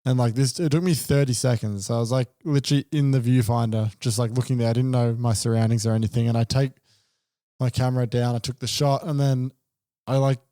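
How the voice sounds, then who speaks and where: Animated young man, mellow voice. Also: medium pitch, a little fast, dry recording, clean studio sound. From Australia. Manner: animated, acts out dialogue, swears freely. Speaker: podcast co-host. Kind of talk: casual storytelling chat.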